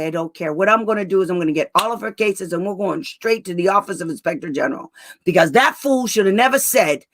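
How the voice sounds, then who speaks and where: Brief: fed-up woman advocate, blunt and emphatic, voice sitting a bit high. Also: fairly bright tone. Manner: blunt, exasperated ranting. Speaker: special education advocate. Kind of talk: casual online talk.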